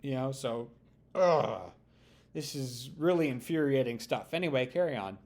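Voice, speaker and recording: A man's voice: mid-range voice, brisk, a little mellow. A man reacting to a news clip, ranting heatedly and sarcastically with mocking impressions. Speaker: political commentary vlogger. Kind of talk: reaction commentary.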